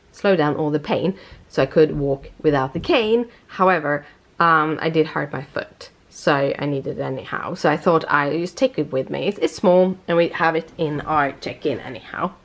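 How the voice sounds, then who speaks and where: A young woman with a somewhat low voice and a light British tinge chats casually at home. She sounds worn out, and she rambles and corrects herself as she talks. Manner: rambling, self-correcting, chatty. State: tired. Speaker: vlogger. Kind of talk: casual vlog chat.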